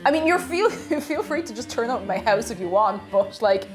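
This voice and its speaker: A woman's voice: fairly high pitch, animated, moderate pace, soft background music. A woman chatting casually on a cooking live stream, reading chat aloud and laughing often.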